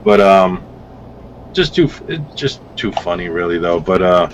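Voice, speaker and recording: A man on a podcast as a guest vape reviewer, rambling through casual stories with lively acted-out quotes and some swearing. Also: sits low, moderate pace, muffled recording, a little hiss or hum. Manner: rambling, animated storytelling with swearing.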